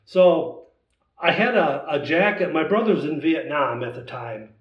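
A man in his sixties, a guest telling a hunting story in a lively, casual way, acting out the voices in it. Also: on the high side, unhurried. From United States. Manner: animated storyteller, acts out voices in his tale. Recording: roomy, distant, dull sound.

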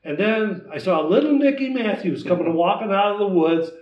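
A man in his sixties, a guest telling a hunting story in a lively, casual way, acting out the voices in it. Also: high voice, normal speed. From United States. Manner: animated storyteller, acts out voices in his tale. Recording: roomy, distant, dull sound.

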